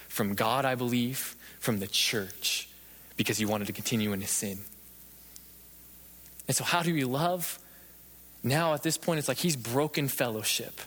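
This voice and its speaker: A man's voice: medium pitch, fairly bright tone. A man preaching a sermon as pastor, earnest and emphatic, building on repeated phrases. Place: church sanctuary. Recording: long hall reverb.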